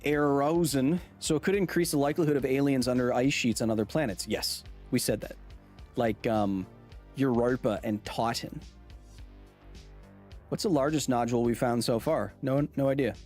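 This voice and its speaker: Rambling podcast host reading live chat. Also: male voice, medium pitch, moderate pace, a little mellow, soft background music. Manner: loose and rambling, with many restarts and fillers; jokey, teasing back at chat. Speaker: host of a science podcast livestream. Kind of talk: casual live-stream chat reading viewer comments.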